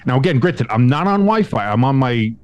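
A young man co-hosting a sports podcast, telling a story in casual chat, acting out quotes with big swings in pitch and some swearing. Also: big pitch swings, brisk, lo-fi sound. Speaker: podcast co-host.

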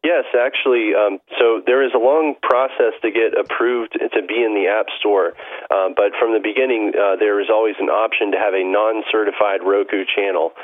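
A man calling in as a guest, explaining things casually and haltingly, with many ums and uhs. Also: on the low side, steady tone, no room sound. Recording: tinny phone line.

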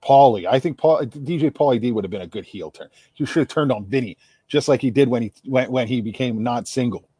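Man, South Jersey accent, husky voice, dry close sound, casual sports chat. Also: medium pitch, brisk, warm tone, dry recording. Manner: chatty, rambling, repeats words while thinking. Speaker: podcast co-host.

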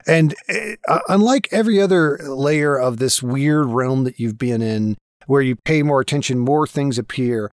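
A man's voice: medium pitch, normal speed, no echo, studio quality. A man narrating a tabletop game as game master, playful and dramatic, with frequent swearing.

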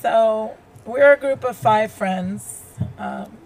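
Woman on a podcast telling her story, slow and earnest, a bit of background hum. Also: on the high side, huge pitch swings, darkish tone. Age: adult with a child. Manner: earnest, open, speaks with heartfelt emotion. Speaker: guest. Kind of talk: personal storytelling in a podcast interview.

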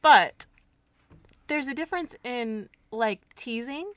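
A woman's voice: a little high, lively intonation, takes it slowly, dry recording. Playful self-mocking young woman, dry sound. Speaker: podcast co-host. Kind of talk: casual chat.

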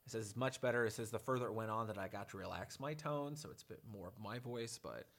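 Low-voiced man telling rambling stories. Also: fast, gravelly. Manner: rambling, talks in long anecdotes. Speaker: podcast guest. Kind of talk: casual chat.

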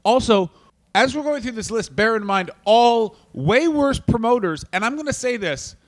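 A Canadian man, a stand-up comedian co-hosting a casual comedy podcast, talking fast and profanely. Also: extremely high pitch, lively intonation. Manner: fast, profane, riffing into silly voices.

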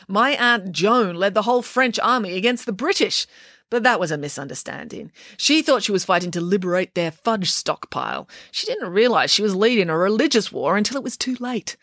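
A woman's voice: mid-range voice, a bit bright, no echo, clean studio sound, pitched above the performer's own voice. A woman voicing a bossy, theatrical pig nanny in an audiobook, talking with grand confidence. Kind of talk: audiobook character reading.

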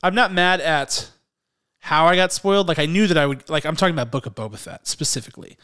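A man's voice: a little high, lively intonation, very fast, a bit bright. A man co-hosting a casual movie-news podcast, chatty and rambling, who often restarts his sentences and laughs easily. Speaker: podcast co-host.

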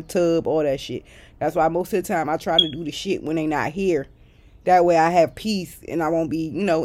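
Profane, exasperated woman ranting to viewers. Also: low voice. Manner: profane, blunt and exasperated, talking straight to viewers; swings between loud outbursts and muttered asides. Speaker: vlogger. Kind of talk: casual storytime rant.

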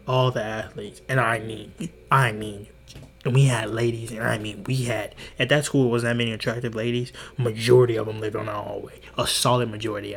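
Creaky and mid-range, this young man's voice carries a little hiss or hum. He's in his twenties, hosting a podcast and spinning rambling, profane stories casually, with frequent restarts and performed quotes.

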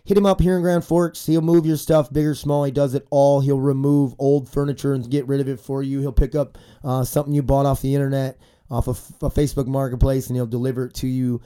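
Flat and brisk, his medium-pitched voice has a dark, smooth tone. This man in his forties hosts a casual podcast, where he rants, rambles, and curses while congested and stuffy from a cold.

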